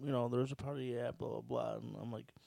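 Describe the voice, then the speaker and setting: A man's voice: mid-range voice, a little fast, creaky, no room sound. A man casually telling a wild, crude story on a podcast, swearing freely. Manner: crude, profane, animated storyteller.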